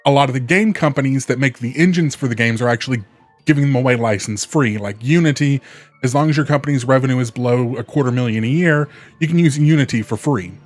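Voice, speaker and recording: A man in casual chat, hosting a live video game stream at a mid pitch. He rambles and restarts often, while faint game music plays behind him. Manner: chatty, rambling, many restarts and fillers. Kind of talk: casual let's play commentary.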